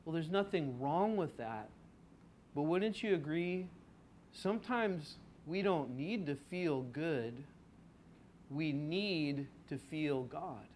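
A man's voice: on the high side, animated, takes it slowly, a little mellow, a little hiss or hum. A man preaching an expository sermon in a conversational way, asking his congregation rhetorical questions and stretching out key words for emphasis. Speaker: pastor.

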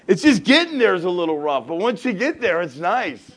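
A man's voice: high-pitched, sing-song, a little fast. A middle-aged male pastor telling a story in a sermon, acting out both sides of the conversations and laughing often.

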